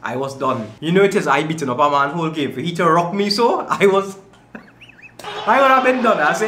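A man hosting a reaction video, talking casually and excitedly, often repeating himself in slangy speech. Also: on the high side, fairly quick, echoey room, a crowd in the background. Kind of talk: casual commentary reacting to clips.

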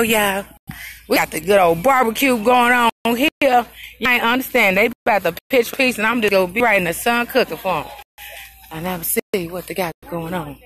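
A woman's voice: fairly high pitch, fairly bright tone, low-quality recording. A woman giving casual, upbeat live commentary on her phone while walking around an outdoor park event, laughing often. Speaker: live-streamer at a community event. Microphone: phone camera, live stream. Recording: outdoor noise behind.

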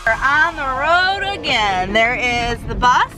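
A woman's voice: high-pitched, very animated, slow, over music, low-quality recording. A young woman in a casual, chatty vlog, talking upbeat and exclaiming, filmed on a handheld camera in a car. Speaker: vlogger. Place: in a car on the road. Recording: clear road and traffic noise.

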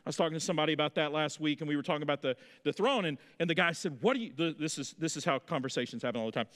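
A man in his thirties preaching a sermon in a church, telling folksy stories with lively energy. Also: a little high, racing, hardly any pauses, in a large hall. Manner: folksy storytelling, animated. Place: church sanctuary.

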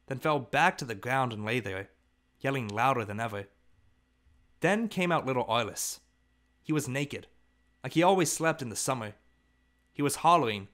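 Man, audiobook narration, measured, steady, mid-pitched. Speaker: audiobook reader.

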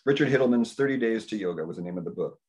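A man in his fifties giving a rambling, casual talk at a community dinner, telling stories and acting out his own thoughts. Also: very fast. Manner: animated storytelling, acts out his own thoughts in higher voice. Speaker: health practitioner speaking at a community dinner. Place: indoor community dinner gathering.

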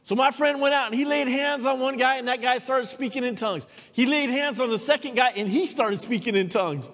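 Animated woman preaching in a reverberant hall. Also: sits high, fairly quick, few pauses. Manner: lively storytelling, calls for amens. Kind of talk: sermon. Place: church sanctuary.

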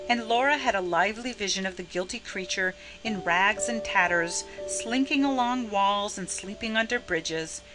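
Give me a woman calmly narrating a classic novel, with music playing underneath. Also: medium pitch, low-quality recording. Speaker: audiobook narrator.

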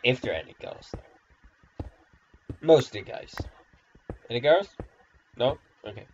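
Man doing slow, self-deprecating gameplay commentary; dull lo-fi recording with faint noise. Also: medium pitch, expressive, darkish tone. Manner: rambling, self-deprecating, sarcastic. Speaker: gamer.

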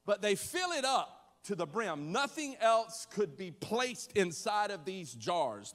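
Animated preacher man in a reverberant hall. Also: high voice, a little slow, few pauses. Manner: animated, conversational, acts out voices and jokes with the congregation. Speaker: pastor. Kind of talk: sermon. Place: church.

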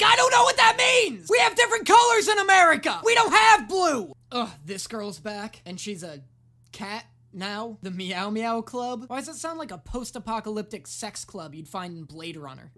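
A woman hosting a reaction video, giving casual, sarcastic commentary, swearing freely and often yelling at the screen. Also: medium pitch.

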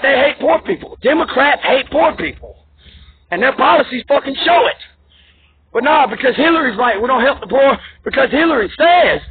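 A man ranting angrily into the camera in a profane, repetitive, agitated way. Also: very high voice. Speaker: vlogger. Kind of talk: angry political rant. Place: New York. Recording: tinny phone-like audio, faint noise.

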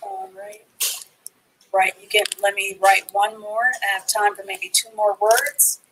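A woman's voice: medium pitch, little pitch movement, unhurried, a bit bright, slight background noise, rough recording. A woman teaching a live online reading class, sounding out and spelling words letter by letter.

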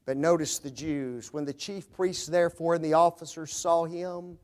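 A man preaching a sermon to his congregation, speaking to them directly and swinging from loud climaxes to hushed low lines. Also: fairly even intonation, normal speed, few pauses.

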